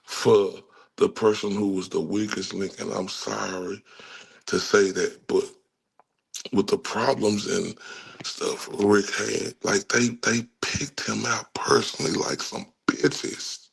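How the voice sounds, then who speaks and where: A man's voice: fairly low pitch, steady tone, slow, creaky, breathy edge. A man with a Texan accent giving angry, profane true-crime commentary and talking straight to his viewers. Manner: angry, cursing, talks to viewers.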